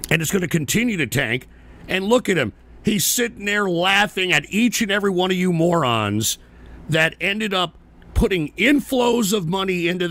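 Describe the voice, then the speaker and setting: A man's voice: on the high side, gravelly, sharp tone. A man hosting a live-stream show, ranting in casual, profane and combative commentary and mocking viewers who send messages. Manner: talks back to viewer messages.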